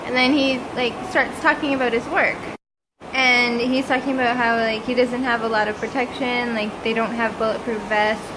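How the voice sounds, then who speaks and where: A woman vlogger recounts a travel ordeal in a casual, animated way and acts out the people she met. Her voice sits high. Loud vehicle noise rumbles behind her. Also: normal speed. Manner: animated, dramatic, quotes people. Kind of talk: casual storytelling.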